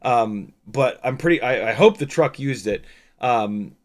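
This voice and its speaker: A man's voice: medium pitch, lively intonation, unhurried. Rambling, laid-back man. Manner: rambling, lots of fillers and restarts, swears casually. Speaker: drone pilot and streamer. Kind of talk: casual livestream commentary over footage.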